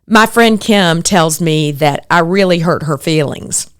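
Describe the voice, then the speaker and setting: In a lowish, clean-toned voice at a measured pace, a middle-aged woman reflects earnestly in her personal podcast monologue. Quoting others brings out a more animated side.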